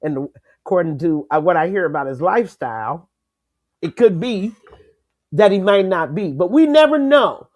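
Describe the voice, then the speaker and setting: An older woman co-hosting a casual sports talk show, lively and emphatic, laughing easily. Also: lowish voice, moderate pace. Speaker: co-host.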